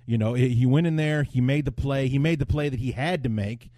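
Blunt man with a dark, dry voice. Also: mid-range voice, brisk, no room sound. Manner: blunt, opinionated, thinks aloud. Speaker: podcast host. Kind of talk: casual podcast chat.

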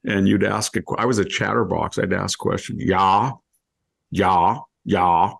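A man's voice: low-pitched, fairly even intonation, fairly quick, gravelly, fairly bright tone, breathy edge. A man hosting a podcast, telling rambling anecdotes in casual conversation and often breaking off mid-word. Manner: rambling anecdotes, self-interrupting. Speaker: podcast host.

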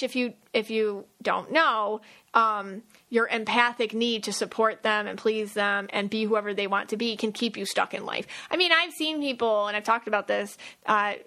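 Bright, lively woman podcast host. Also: medium pitch, normal speed. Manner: chatty, animated storytelling with quoted asides. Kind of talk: casual chat.

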